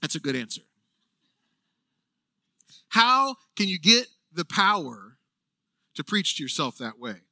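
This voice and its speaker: A man preaching a sermon as a pastor, with earnest, animated delivery and emphatic asides. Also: on the high side, slow, pauses often, no room sound.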